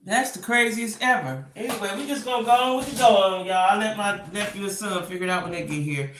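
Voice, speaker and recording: Middle-aged woman, frustrated live-stream host; bright tone, recorded in a roomy space. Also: mid-range voice, fast, recorded from a distance, slight background noise. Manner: exasperated, talks to viewers directly. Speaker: vlogger. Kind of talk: casual live stream chat. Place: home room. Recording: roomy, away from the mic.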